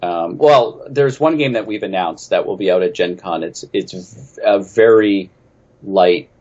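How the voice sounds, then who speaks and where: A game designer from New England answers interview questions casually in a very low, husky, darkish voice at a measured pace. He's chatty and snarky, poking fun at himself, and the audio sounds a little dull and lo-fi.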